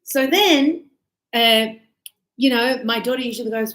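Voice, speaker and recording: High lively aussie woman teaching english, acts out examples, echoey room. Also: normal speed. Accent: Australian. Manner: lively, explains with acted examples. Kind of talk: live grammar lesson.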